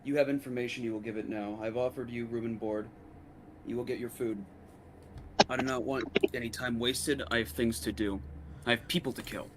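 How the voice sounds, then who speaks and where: A man's voice: medium pitch, steady tone, brisk, background noise, natural voice. A man playing a stern, impatient host who speaks in curt commands in a tabletop game.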